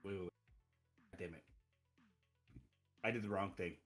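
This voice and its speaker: A man's voice: sits low, moderate pace, fairly bright tone, faint music behind. A man running an online tabletop game as game master, narrating casually with frequent laughs and swearing.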